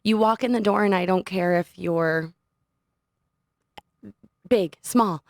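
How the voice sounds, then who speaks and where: A young adult woman, a podcast guest, telling a personal story in an animated, casual way and laughing often. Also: medium pitch, slow pace, dry recording. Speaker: podcast guest, studio owner. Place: podcast studio.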